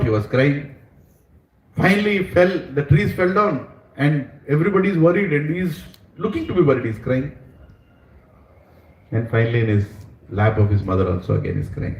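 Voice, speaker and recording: A man telling a devotional story with lively, dramatic delivery and middle pitch. He sounds set back from the mic in a roomy hall. Faint background noise hums under him. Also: gravelly, distant mic. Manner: animated, dramatizing, mixes in Hindi phrases. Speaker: spiritual storyteller.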